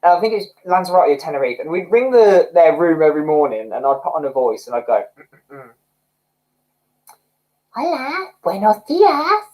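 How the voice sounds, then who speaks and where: A man hosting a casual livestream, chatting excitedly with viewers and laughing often. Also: a little high, fast talker, few pauses, rough recording. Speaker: livestream host. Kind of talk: casual livestream chat reading comments.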